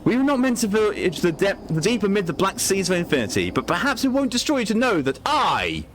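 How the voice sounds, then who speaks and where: A man's voice: high-pitched, sing-song, brisk, fairly bright tone, slight background noise, voice pushed up. A man voicing a manic male clown with an octopus head, talking in a grandiose, theatrical, sing-song way.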